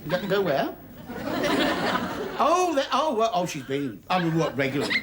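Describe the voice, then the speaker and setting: An actor playing a fussy, indignant middle-aged husband who stammers and blusters, in a 1980s British sitcom. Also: male voice, high voice, huge pitch swings, normal speed. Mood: flustered. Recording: TV studio with loud noise and audience laughter.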